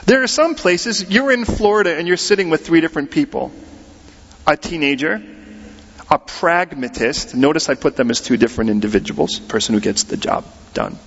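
A middle-aged American man preaching a sermon in a church, lively and conversational, acting out little quotes as he goes. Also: fairly high pitch, moderate pace, creaky, slightly rough. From United States. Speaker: pastor. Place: church sanctuary. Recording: muffled sound in a large reverberant hall.

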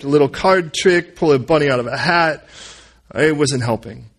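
A man preaching a sermon, reading scripture and breaking off into animated, joking, conversational asides. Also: on the high side, moderate pace. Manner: animated, conversational, full of asides and playful jokes. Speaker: pastor.

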